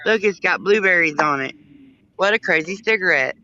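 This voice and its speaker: A man's voice: high voice, expressive, moderate pace, pushed and bright, muffled recording, a little hiss or hum. A man co-hosting a livestream, chatting casually in an opinionated, drawling way.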